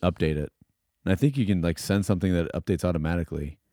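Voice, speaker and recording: A man co-hosting a casual chat who tells stories haltingly, trailing off mid-sentence. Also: sits low, warm tone, no room sound, clean studio sound. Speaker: podcast co-host.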